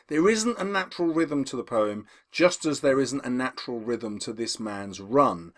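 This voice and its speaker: A man teaching English, explaining poetry analysis to students and slowing down to read quotations. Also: medium pitch. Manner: lively, emphatic, slows down to read quotations.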